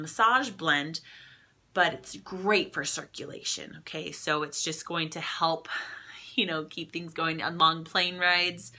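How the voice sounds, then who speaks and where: A woman's voice: lowish voice, bright, forceful tone. A woman, a massage therapist, teaching a casual live class in a chatty way, often checking in with the audience. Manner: chatty, keeps checking in with "okay?" and laughs often.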